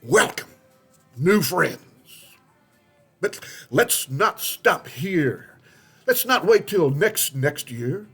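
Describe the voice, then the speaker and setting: A proud, upper-class male Persian cat, as a man reading a storybook puts him on, proclaims his welcome loudly, his voice raised above the reader's own. Faint music plays underneath. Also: a little high, sing-song, very slow, long pauses, husky, pitched above the performer's own voice, full character voice. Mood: grandly welcoming.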